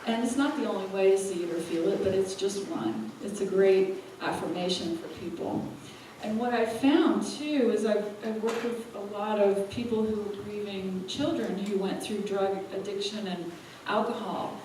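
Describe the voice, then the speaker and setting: A woman speaker telling an animated story to a live audience and laughing often as she goes. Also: medium pitch, moderate pace, hardly any pauses. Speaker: spiritual teacher and speaker. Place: event hall. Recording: echoey hall, from far off, faint room noise.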